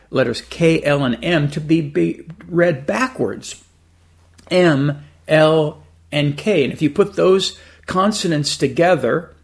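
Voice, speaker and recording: Animated male preacher. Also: a little high. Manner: animated storyteller with a playful build-up. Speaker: pastor. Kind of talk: sermon.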